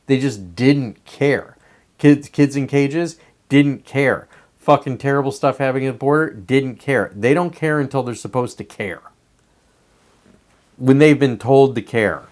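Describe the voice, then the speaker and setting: A man's voice: mid-range voice, unhurried, a little mellow. A man hosting a show, delivering a blunt, profanity-laced political commentary monologue. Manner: profane, emphatic ranting. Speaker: podcast host.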